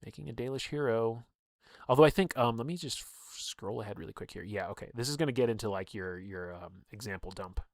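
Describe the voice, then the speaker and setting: A man's voice: lowish voice, brisk, dry recording, studio quality. A young man casually reading through a game book on a livestream, breaking off for chatty asides and laughs.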